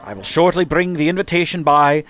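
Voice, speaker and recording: A man voicing a flattering woman singer with a made-up foreign accent while reading a letter. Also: a little high, natural voice. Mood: grand. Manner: slow, grand, unsure of the accent.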